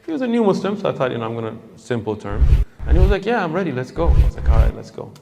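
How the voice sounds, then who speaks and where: Animated preacher telling a story. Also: male voice, mid-range voice, racing, creaky, long reverb tail, background noise. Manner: animated storyteller who acts out quoted voices. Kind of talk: storytelling sermon.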